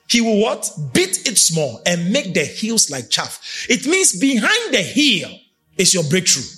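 A man delivers a fiery sermon in a high, animated voice that leaps up and down in pitch. He pushes into shouts, then drops to low, intense lines. Faint music sits behind him. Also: breathy edge. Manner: emphatic, swings between shouting and low intense speech. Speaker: prophet preaching.

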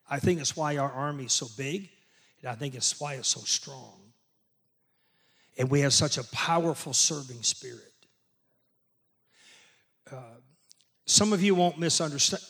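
An older man, a pastor, preaching a sermon in an emphatic way that builds to loud peaks. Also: medium pitch.

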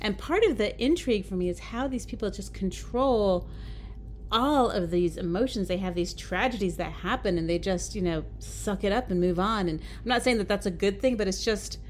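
A woman from the United States co-hosting a podcast, chatting in an animated way and laughing often. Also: mid-range voice, moderate pace, slight background noise. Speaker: podcast co-host. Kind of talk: casual chat.

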